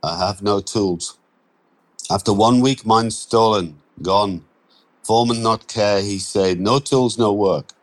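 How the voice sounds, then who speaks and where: A man voicing a weary Romanian migrant laborer who speaks halting, broken English with a Romanian accent, sad and tired. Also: fairly low pitch, poor audio.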